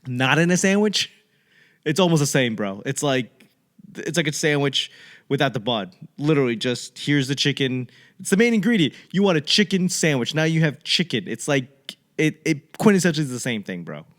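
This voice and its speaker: A young man from the Boston area riffs through a loose comic monologue as host of his own podcast. He talks casually and profanely, wanders off on tangents, and drops into quick voices for other people. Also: on the high side. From Boston area, USA. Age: young adult. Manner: rambling, profane, animated impressions of others.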